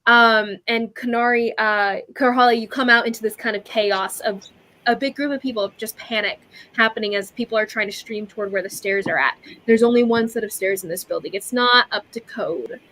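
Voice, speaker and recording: A woman narrating a tabletop role-playing game as game master, in lively, chatty speech with quick voiced asides. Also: on the high side.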